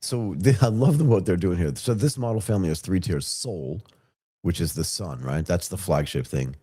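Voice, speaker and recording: A man's voice: low voice, moderate pace, dark tone, slightly rough, no room sound, studio quality. A man co-hosting a live tech news podcast, talking casually and energetically with many fillers and restarts. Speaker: podcast co-host.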